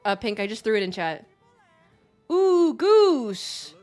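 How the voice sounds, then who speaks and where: A young livestream host talks fast in a mid-range voice with fairly even intonation, gushing as she thanks donors repeatedly and often laughing. Faint music plays behind this casual stream chat.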